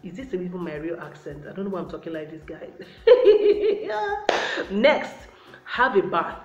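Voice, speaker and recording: A woman's voice: on the low side, animated, fairly quick. A woman giving relationship advice to the camera in a casual, chatty way, often calling her viewers guys. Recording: roomy, slightly dull sound.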